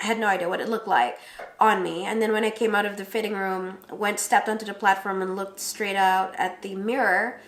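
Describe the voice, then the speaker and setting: Telling her wedding dress shopping story in a relaxed, lively way, a young woman voices the quotes in a higher pitch. The recording sounds roomy.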